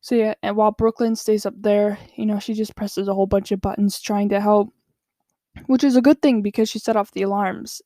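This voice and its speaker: Chatty woman going over an episode, lots of ums and tangents, mellow voice, dry close sound. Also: medium pitch, steady tone, no room sound. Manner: rambling with many fillers and asides; acts out characters' lines in quick bursts. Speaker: show recapper. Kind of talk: casual episode recap.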